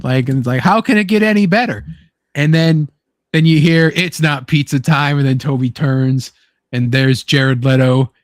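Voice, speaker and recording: A young man with a slightly high voice chats excitedly as host, swearing freely and acting out little quoted lines. The sound is dry and close, with no room around it. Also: normal speed, no echo. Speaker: podcast host. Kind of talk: casual chat.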